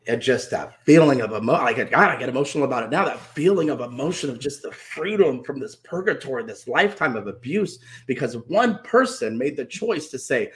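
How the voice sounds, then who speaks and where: A man's voice: medium pitch, brisk. A man, a guest author, telling an emotional story from his own life and acting out the voices of the people in it.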